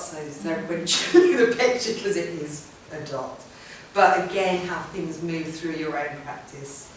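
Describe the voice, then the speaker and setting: A woman's voice: fairly low pitch, a little hiss or hum. Woman speaking in an echoey hall. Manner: chatty, rambling, many ums and restarts. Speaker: artist giving a talk. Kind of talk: informal public talk. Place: event room or hall. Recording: roomy hall sound from a distant mic.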